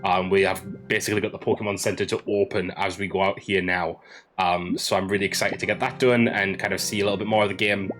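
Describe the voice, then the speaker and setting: A man's voice: deep voice, steady tone, fast, a bit bright, faint music behind. A man who is under the weather hosting a casual, chatty game playthrough with plenty of fillers. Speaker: let's play host. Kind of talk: gaming commentary.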